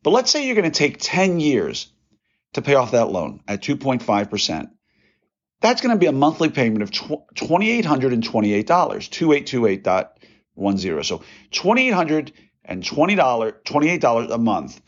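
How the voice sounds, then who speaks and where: Man, podcast host, casual monologue, animated pitch, dull lo-fi sound. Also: normal speed. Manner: chatty, folksy asides, works through numbers aloud.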